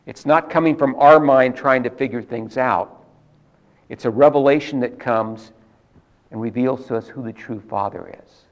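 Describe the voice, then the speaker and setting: A man preaching a sermon in an earnest, measured teaching manner, stressing key words with repetition. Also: mid-range voice, highs cut off.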